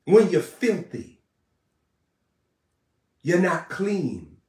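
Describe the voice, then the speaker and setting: Man preaching live, fiery and repetitive, rising to shouts; echoey room, off-mic. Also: high voice, very animated, very slow, recorded from a distance. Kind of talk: live-streamed sermon.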